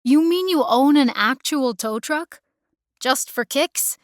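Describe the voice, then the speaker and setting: A woman's voice: high-pitched, expressive, takes it slowly, dry recording, studio quality, pitched above the performer's own voice. A woman voicing a stranded city woman who talks in a guarded, stiff, precise way. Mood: wary.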